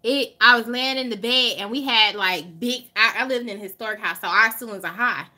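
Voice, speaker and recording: Brisk and fairly high-pitched, a Southern vlogger from Alabama tells her audience a story with lots of energy. She draws words out for emphasis and curses without restraint.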